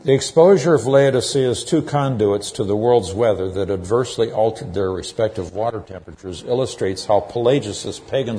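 Low mellow-voiced man preaching. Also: a little hiss or hum. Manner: measured, explains terms, frequent "uh" pauses. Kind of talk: expository sermon.

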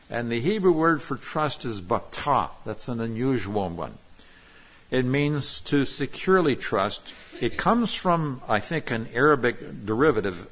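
Husky preacher man, emphatic and explaining. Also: medium pitch, fairly bright tone. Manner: emphatic, drawing out key words, explaining Hebrew terms. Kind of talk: expository sermon.

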